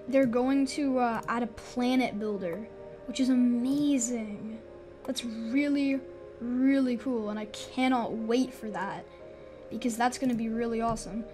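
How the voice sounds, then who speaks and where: Woman, high-pitched, excitable, rambling gameplay commentary, music playing behind. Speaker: gaming YouTuber. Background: background music.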